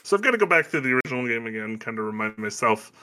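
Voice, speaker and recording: A man's voice: mid-range voice, big pitch swings, racing, bright, forceful tone. A man hosting a podcast, chatting casually and rambling with self-deprecating humor. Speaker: podcast host. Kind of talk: casual chat.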